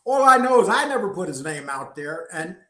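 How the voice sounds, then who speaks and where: A man's voice: high-pitched, sing-song, brisk, pushed and bright, roomy sound. A man co-hosting a live-stream, casually chiming in and agreeing. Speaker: co-host.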